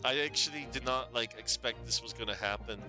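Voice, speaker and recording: A man streaming a video game, making relaxed, playful asides, with game music behind. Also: medium pitch, a little fast. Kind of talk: casual game commentary.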